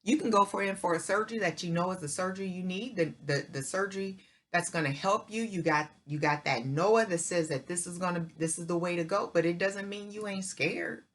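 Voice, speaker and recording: A middle-aged woman with a somewhat low voice gives a motivational faith talk to her channel's viewers. She speaks emphatically, like a preacher, in folksy everyday speech. She repeats her key points and keeps checking in with "right?". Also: brisk. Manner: folksy speech with "y'all" and "ain't". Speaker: channel host.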